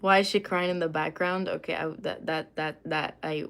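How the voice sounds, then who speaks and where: A woman's voice: deep voice, steady tone, moderate pace, creaky, fairly bright tone. A young woman from Lebanon chatting on a livestream, rambling and losing her train of thought as she reads comments aloud. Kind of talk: casual livestream chat, reading comments.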